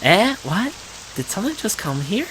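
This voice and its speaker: A man's voice: high voice, big pitch swings, a little slow, a bit bright, a little hiss or hum, pitched above the performer's own voice, heavily acted, poor audio. A man voicing a timid, bullied fourteen-year-old girl who asks hesitant, startled questions.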